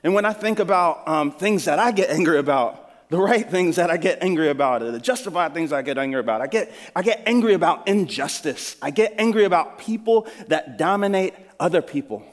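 A man's voice: a little high, lively intonation, fairly quick, few pauses. Man, pastor, earnest, conversational sermon, church hall reverb.

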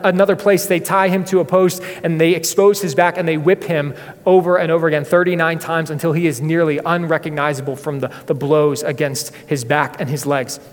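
A male pastor preaches with earnest, dramatic storytelling, his voice sitting somewhat high for a man. He is recorded in a church sanctuary, and a long hall reverb trails after his words. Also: fairly even intonation, brisk. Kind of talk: sermon.

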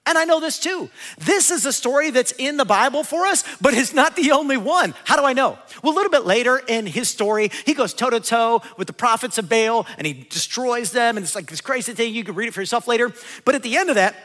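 A man preaching a sermon to his congregation as pastor, animated and acting out biblical figures in quick asides. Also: extremely high pitch. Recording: long hall reverb.

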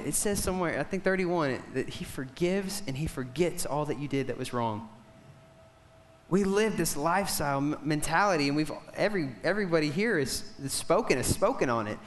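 A young man preaching a sermon, telling a story with passion and swinging from loud declarations to hushed moments. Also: on the high side, lively intonation, moderate pace, a little hiss or hum.

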